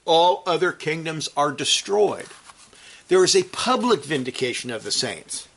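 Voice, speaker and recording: A man preaching a sermon, teaching from scripture in an emphatic way that rises to forceful peaks and then drops low and quiet. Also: very animated, a little slow, vocal fry.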